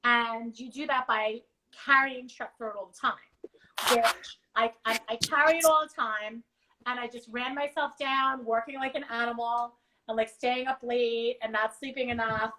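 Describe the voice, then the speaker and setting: A woman hosting a casual livestream chat, talking fast and animated, swearing casually, her voice just back after strep throat. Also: a little high, low-quality recording. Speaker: host.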